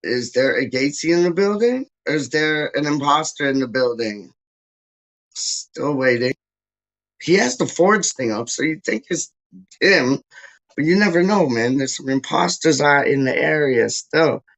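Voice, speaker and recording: A man's voice: a little high, unhurried. A man hosting a casual football fan livestream, talking in slang, saying "dog" and "yo" a lot, often restarting his sentences and getting hyped. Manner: hyped and excitable. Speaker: football fan channel host.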